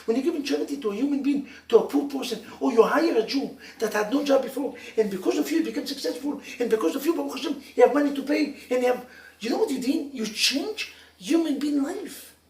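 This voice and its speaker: Animated rabbi preaching in an echoey room. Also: male voice, extremely high pitch, quick pace. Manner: animated storytelling with laughs and sudden loud emphasis. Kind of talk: sermon to a live audience. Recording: echoey room, mic from far off.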